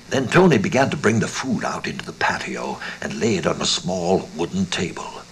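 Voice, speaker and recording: Deep, gravelly male storyteller. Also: a bit bright, a little hiss or hum, poor audio. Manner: dramatic, dropping often to a whisper. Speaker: audiobook narrator. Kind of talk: scripted narration of a western short story.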